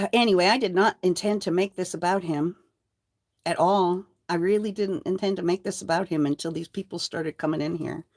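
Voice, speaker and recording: An older woman hosting her own channel, delivering a defiant, profane rant to the camera. She moves between low mutters and loud, heated outbursts. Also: moderate pace, no echo, clean studio sound. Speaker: channel host. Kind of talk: angry livestream rant.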